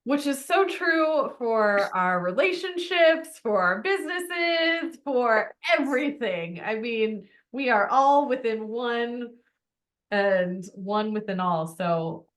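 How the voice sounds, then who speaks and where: A woman's voice: fairly high pitch, lively intonation, takes it slowly. Enthusiastic woman podcast host. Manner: warmly encouraging, enthusiastic affirmations. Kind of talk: casual interview chat.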